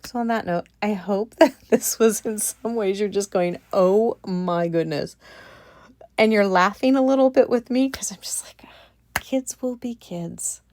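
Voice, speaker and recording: Woman vlogger, casual commentary, incredulous, repetitive emphasis, dry close mic, mid pitch. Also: normal speed, hardly any pauses, no echo. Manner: animated, incredulous, repeats points for emphasis.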